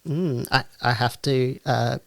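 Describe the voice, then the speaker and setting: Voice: mid-range voice, slow pace, gravelly, no echo. A podcast co-host in casual chat, talking frankly and directly, with sudden rising asides.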